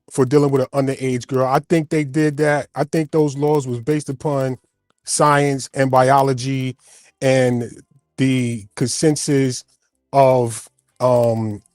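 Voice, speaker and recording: A man's voice: medium pitch, darkish tone, no echo, clean studio sound. A man speaking as a guest in a heated panel debate, emotional and stammering, repeating himself.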